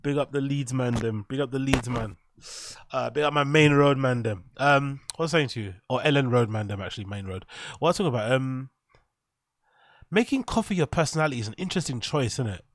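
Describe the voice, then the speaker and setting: Crude joking English streamer. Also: male voice, mid-range voice, expressive, fairly quick, no room sound. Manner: crude, joking, shout-outs to chat. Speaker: live streamer. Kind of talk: casual live reaction stream.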